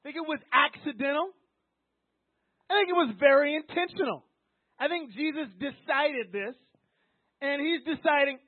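A man's voice: very high voice, a little slow, no room sound. A man preaching an emphatic, repetitive sermon, often acting out quoted voices. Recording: tinny phone-like line, dry.

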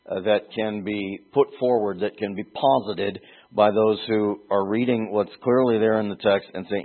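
A man preaching a sermon, teaching through a Bible passage in a digressive way and rising to emphatic peaks when he quotes scripture. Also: on the low side. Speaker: pastor. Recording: tinny phone-like recording.

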